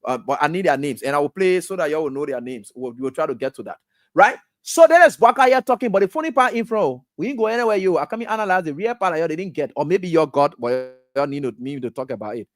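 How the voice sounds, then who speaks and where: Liberian man, radio host, heated political commentary, high voice, dry close studio sound. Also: lively intonation, fast talker, no room sound. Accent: Liberian English. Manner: scolding, rhetorical, addresses the president directly. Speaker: radio talk show host.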